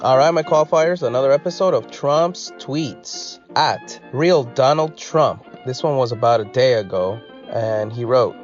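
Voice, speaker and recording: A man's voice: medium pitch, a little slow, few pauses. A man hosting a casual news podcast, reading posts aloud with wry, sarcastic asides and chuckles. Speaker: podcast host. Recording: slightly dull lo-fi audio with faint music.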